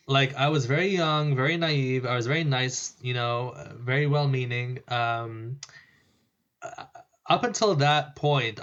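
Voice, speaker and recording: A man from Lebanon, a podcast guest telling stories in a casual, animated way, laughing and swearing freely. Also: mid-range voice, muffled recording. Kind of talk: casual storytelling.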